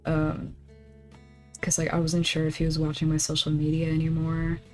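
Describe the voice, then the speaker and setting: A woman's voice: sits low, normal speed. A young woman streamer chatting casually on a study stream, swearing freely as she tells a story and reads messages aloud. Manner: swearing, animated storytelling, reading emails aloud. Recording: faint background music. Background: soft guitar game music.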